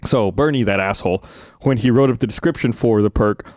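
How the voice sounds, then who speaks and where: A man's voice: lowish voice, fairly quick, a little mellow, no room sound. A man hosting a podcast, telling a story in a casual chat with a dry, wry manner. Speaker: podcast host.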